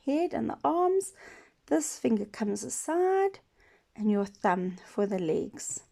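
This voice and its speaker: A woman giving a patient painting lesson for children, gently asking questions and dropping to soft whispers as she works. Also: on the high side, vocal fry. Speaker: children's art teacher. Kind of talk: slow painting demonstration for children.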